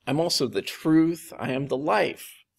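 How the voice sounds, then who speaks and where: A man's voice: fairly high pitch, a little slow, creaky. A man voicing Jesus as a patient, mildly exasperated teacher, in casual, emphatic paraphrase during a sermon. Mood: reassuring.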